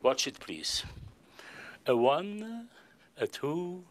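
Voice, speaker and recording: Playful stage magician with lively pitch. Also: male voice, extremely slow, slight background noise. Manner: playful, polite and formal, joking with the volunteer. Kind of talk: stage magic performance with audience volunteer.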